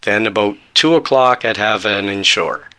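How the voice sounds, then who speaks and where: A man's voice: on the low side, moderate pace, pushed and bright. A man in his forties, a podcast guest earnestly telling his own story and acting out the conversations he had. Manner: earnest, retells talks with quoted dialogue. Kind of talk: personal storytelling.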